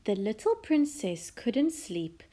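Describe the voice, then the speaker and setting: A woman reading a children's picture book aloud in a very slow, expressive way, dropping now and then into a soft whisper. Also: fairly high pitch. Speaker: storyteller.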